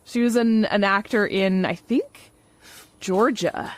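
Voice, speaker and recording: A woman's voice: medium pitch, slow pace, no room sound. Chatty woman podcast host from Canada. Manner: chatty, laughs easily. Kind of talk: casual podcast interview.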